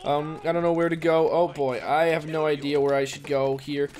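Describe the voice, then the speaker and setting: A man hosting a gaming video, giving casual, excitable play-by-play commentary and exclaiming and swearing often. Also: on the high side, normal speed. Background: faint background music.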